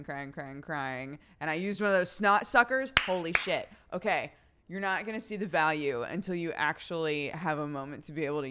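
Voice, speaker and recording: Young woman streamer just chatting, smooth voice, swears a lot, tells stories loosely. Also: deep voice, fairly bright tone. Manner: chatty storytelling, swears freely. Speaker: livestreamer. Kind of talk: casual chat to a live audience.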